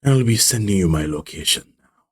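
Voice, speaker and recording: A man's voice: on the low side, lively intonation, normal speed. A man voicing a sly, grotesque male henchman with a Spanish accent, hissing and mischievous.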